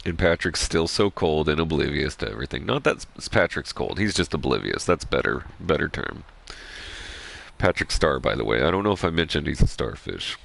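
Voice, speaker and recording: A man gives casual, rambling commentary while he plays a game. His voice is extremely low and full of vocal fry. He gets excited and swears freely. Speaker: gaming streamer.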